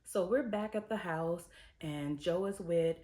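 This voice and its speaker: Low-voiced woman recapping a TV episode. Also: a little slow, dark tone. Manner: chatty and conversational, with frequent "um" and "you know"; analytical, weighing craft choices. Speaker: TV episode reviewer, screenwriter and producer. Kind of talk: casual spoken episode recap and commentary.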